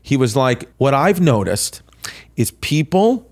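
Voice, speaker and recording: Middle-aged guy hosting a podcast, rambly casual storyteller, medium pitch. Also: big pitch swings, slow, darkish tone. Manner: chatty, loose storytelling with lots of fillers. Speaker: podcast host. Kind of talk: casual chat.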